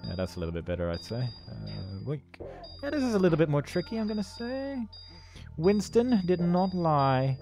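A man narrating his playthrough of a video game with dry sarcasm, often breaking into hummed tunes and silly made-up songs. His voice swings widely up and down in pitch. Faint game music plays behind him. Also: darkish tone. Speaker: game commentator. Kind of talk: let's play commentary.

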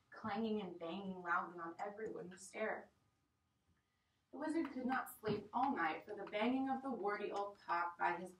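A woman teacher reading a story aloud to her class in an expressive, dramatic storytelling manner. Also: medium pitch, slight background noise. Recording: echoey classroom from far off.

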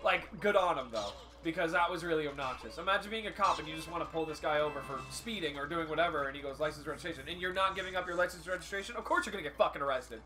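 A young man co-hosting a podcast in casual chat, an animated storyteller who swears freely and says "like" often. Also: fairly high pitch, quick pace, hardly any pauses. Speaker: podcast co-host.

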